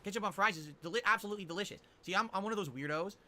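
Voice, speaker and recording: A man streaming live, answering chat questions with quick, opinionated rants. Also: high voice, bright, forceful tone, slight background noise. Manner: rapid, opinionated ranting. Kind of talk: livestream chat reply.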